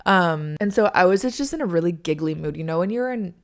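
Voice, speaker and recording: A young woman hosts her podcast and tells a casual, chatty story, with "like" in every other phrase. Her voice sits a bit low for a woman. Now and then she sinks into a hushed aside before picking the pace back up. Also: lively intonation, brisk. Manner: chatty, heavy use of "like", drops to hushed asides. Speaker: podcast host.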